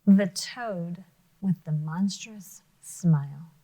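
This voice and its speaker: A woman teacher reading a picture book aloud to children, expressive and full of questions to her listeners, sometimes dropping to a whisper. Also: fairly low pitch, slow, low-quality recording. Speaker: elementary school teacher.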